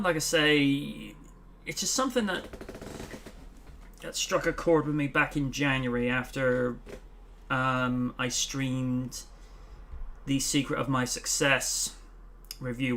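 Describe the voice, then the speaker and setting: A man's voice: mid-range voice, steady tone, slow pace, vocal fry, pauses often. Rambling man, mock-quoting movie lines. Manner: rambling, laughs and acts out movie lines in loud mock voices. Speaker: host. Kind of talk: casual chat, live stream.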